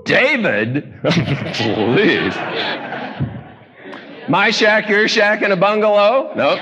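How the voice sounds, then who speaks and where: A man preaching a folksy, joking sermon, telling stories in an animated way. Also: high-pitched, dull audio. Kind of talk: comedic sermon. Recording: echoey hall.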